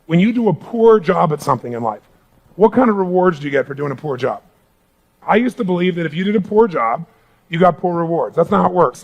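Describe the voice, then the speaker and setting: This motivational speaker's voice is high-pitched with vocal fry as he addresses a live audience in a big room. He speaks emphatically and draws responses from the crowd.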